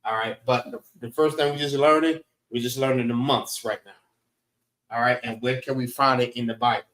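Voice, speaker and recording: A man's voice: medium pitch, moderate pace. Man teaching a class in an echoey room. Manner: relaxed, repeats "all right" often.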